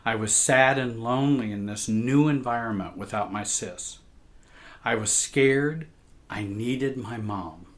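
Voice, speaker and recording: Slow, measured male storyteller. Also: on the low side. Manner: slow, measured, emotional reading. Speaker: therapist and show host. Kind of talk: reading a personal story aloud.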